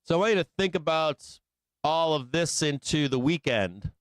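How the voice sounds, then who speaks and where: A man's voice: a little high, lively intonation, moderate pace, no room sound. A man hosting a live trading show, talking casually through chart analysis and tossing out rhetorical tag questions. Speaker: host.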